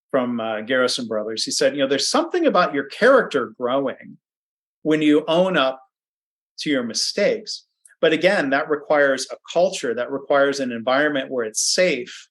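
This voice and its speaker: A man's voice: medium pitch, a bit bright. A man giving a conversational webinar presentation from his home office, chatty, with frequent ums and restarts.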